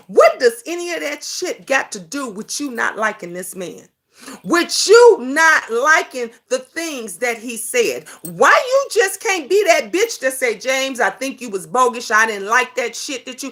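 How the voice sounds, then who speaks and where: A woman, in the middle of a heated, profane talk show rant. Her voice sits high and bright and swings widely in pitch, and she fires off rhetorical questions with heavy emphasis. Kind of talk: heated ranting monologue.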